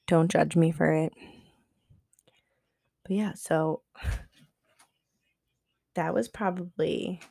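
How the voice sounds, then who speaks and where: Low, gravelly woman telling a story. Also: a little mellow, dry recording, clean studio sound. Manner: chatty, profane, heavy use of "like"; acts out quoted dialogue. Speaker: podcast co-host. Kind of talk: casual storytelling.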